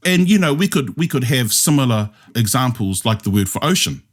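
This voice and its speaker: A New Zealand man presenting a language discussion in a studio. His voice is mid-pitched and moves up and down a lot as he explains points patiently. He keeps checking that his listeners follow him. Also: big pitch swings, a little fast. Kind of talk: explanatory teaching chat.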